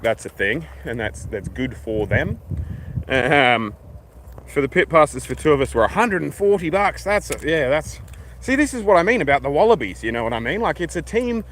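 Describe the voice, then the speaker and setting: A man's voice: mid-range voice, a bit bright, rough recording. A man with an Australian accent hosting a casual livestream while walking through a park, rambling and swearing freely. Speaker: livestream host. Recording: outdoor noise around the mic.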